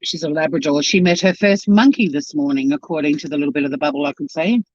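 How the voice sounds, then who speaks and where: A man's voice: on the high side, fast talker. A man hosting his own channel, chatting casually on a live-stream while eating, rambling and talking with his mouth full. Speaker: YouTube channel host. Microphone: home live-stream camera mic. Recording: dull, dry lo-fi live-stream audio.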